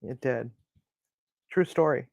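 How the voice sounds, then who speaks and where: Cooking-stream host, unhurried and chatty, mutters to themself mid-task, dry close sound. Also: mid-range voice, creaky, darkish tone, no room sound. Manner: chatty, mutters and grumbles to self while cooking. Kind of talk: casual live cooking chat. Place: home kitchen.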